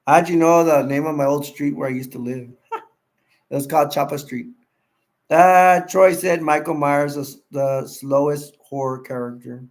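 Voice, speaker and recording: A man with a slightly high, creaky voice hosts a casual livestream chat, reading viewer comments aloud. He rambles playfully and laughs easily.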